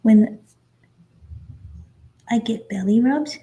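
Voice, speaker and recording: Whispered role-play of a calm, gentle little boy puppy, as a woman puts him on, in a slow, mellow hush. He speaks softly and contentedly about himself, easy and unfussed. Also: a little high.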